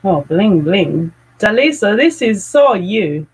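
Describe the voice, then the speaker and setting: A woman hosting a live fragrance chat, gushing with excitement and greeting viewers by name. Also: mid-range voice, takes it slowly, slightly rough, poor audio. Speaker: fragrance channel host.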